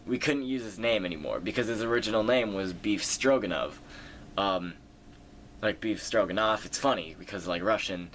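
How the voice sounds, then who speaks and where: Rambling low-voiced guy answering fan questions. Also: normal speed, a bit bright, a little hiss or hum. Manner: rambling, many fillers and self-corrections. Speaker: video series creator answering viewer questions. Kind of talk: casual Q&A monologue.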